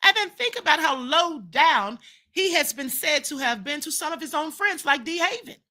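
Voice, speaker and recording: A woman's voice: high-pitched, expressive, normal speed, pushed and bright. A woman hosting her own livestream, giving fiery commentary full of rhetorical questions and repeated lines for emphasis. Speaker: livestream host. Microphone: streaming setup mic.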